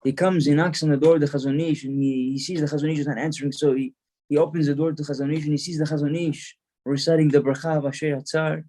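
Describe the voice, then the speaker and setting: A man's voice: on the high side, little pitch movement, fast talker, mellow. A male rabbi giving a storytelling sermon, earnest, repeating words as he builds the story.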